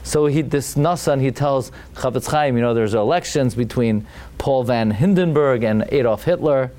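A man's voice: medium pitch, moderate pace, dark tone. A man teaching a Torah class as a rabbi, telling the story dramatically and with emphasis, full of restarts and Hebrew terms. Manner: sprinkles Hebrew and Yiddish terms.

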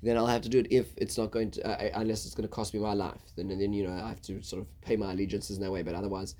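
A man retelling the words of a proud, indignant army commander in his own plain, fairly low voice. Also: level tone, rapid-fire, mellow, close to an everyday voice. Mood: earnest. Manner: retold in a plain speaking voice.

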